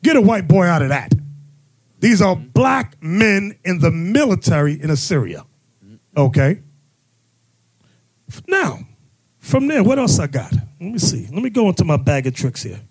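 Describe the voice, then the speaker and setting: Man, bishop host, high husky voice, lively pitch, excitable teaching. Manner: excitable, jumps into loud exclamations. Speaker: bishop leading a religious podcast. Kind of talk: animated teaching chat.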